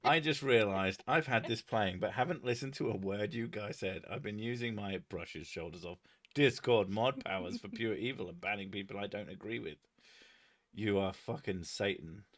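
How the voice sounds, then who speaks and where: A man's voice: lowish voice, normal speed, fairly bright tone. A man hosting a casual live stream, joking, swearing and reading chat aloud. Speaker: streamer host.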